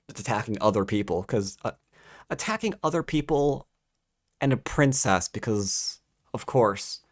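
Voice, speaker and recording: A man giving a casual, sarcastic book review, exasperated and mocking the story in quick put-on voices. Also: lowish voice.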